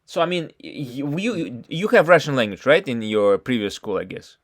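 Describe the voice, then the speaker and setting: A man tutoring a student in he did not learn first, talking haltingly with many false starts and frequent questions. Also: medium pitch, lively intonation. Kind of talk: casual one-on-one lesson talk.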